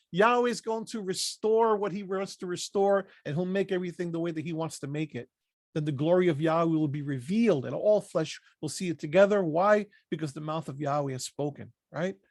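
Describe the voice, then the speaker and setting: A man with a notably high voice teaches a Bible study, reading passages aloud and then cutting in with brief, emphatic asides. The sound is dry and close, with almost no room around him. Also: no room sound. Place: lives in Pennsylvania.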